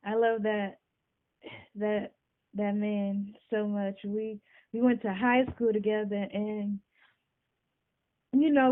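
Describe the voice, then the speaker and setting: A woman hosting a podcast, talking casually and warmly about friendship, often asking "you know what I'm saying". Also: a little high. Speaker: podcast host. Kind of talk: casual talk to camera. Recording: tinny phone-like sound.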